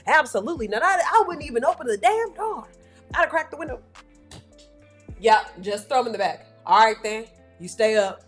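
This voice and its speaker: A woman's voice: a little high, sing-song, brisk, soft background music. A woman doing reaction commentary on clips, blunt, exclaiming and profane.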